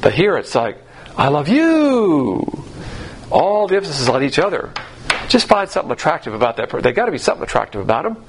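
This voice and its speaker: A man's voice: mid-range voice, sing-song, rapid-fire, vocal fry, background noise. A man teaching the Bible in a sermon, emphatic and sarcastic as he mocks the views he quotes.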